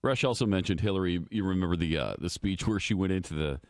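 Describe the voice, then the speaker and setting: A man's voice: sits low, quick pace, a little mellow, no room sound, clean studio sound. A man as co-host, chiming in with jokey banter. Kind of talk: casual studio banter.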